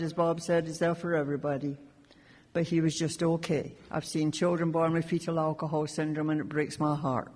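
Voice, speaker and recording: A woman's voice: sits low, flat delivery, moderate pace, darkish tone. Wry woman telling her story in a hall. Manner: wry, self-mocking humor. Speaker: AA speaker sharing her story. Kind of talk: recovery talk, storytelling. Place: large conference hall. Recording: long hall reverb.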